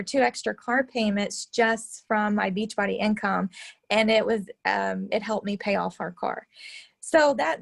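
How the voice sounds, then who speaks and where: A woman's voice: medium pitch, gravelly, no room sound, studio quality. A woman, talking as a team coach in casual motivational chat, rambling with many fillers and restarts.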